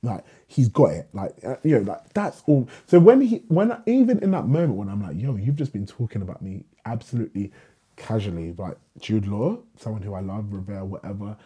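A young man, telling a lively story in a casual podcast conversation, acting out dialogue and swearing freely. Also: fairly low pitch, fairly quick, husky. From England. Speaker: guest, writer.

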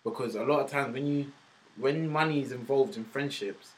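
A man's voice: medium pitch, normal speed, a little hiss or hum, low-quality recording. A man, a podcast guest who talks frankly and casually, with lots of fillers and slang. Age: 20s. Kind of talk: casual interview chat.

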